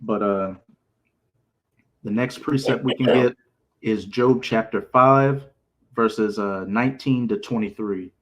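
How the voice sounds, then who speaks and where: A man's voice: fairly low pitch, takes it slowly, pauses often. Emphatic man leading scripture study. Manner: emphatic, repeats sacred names, street phrasing. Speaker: bible study leader.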